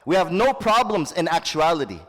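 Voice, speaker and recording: A man's voice: a little high, sing-song, brisk, a bit bright. A man giving a sermon as an Islamic teacher. He recites Arabic and translates it line by line, and he calls his listeners brothers and sisters. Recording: long hall reverb.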